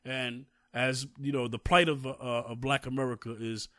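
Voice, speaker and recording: A man with a mid-range voice co-hosts a casual conversation, telling a long story at a moderate pace. His tone is level yet pushed and bright, and he becomes more heated and emphatic as the tale goes on. The recording has no room sound.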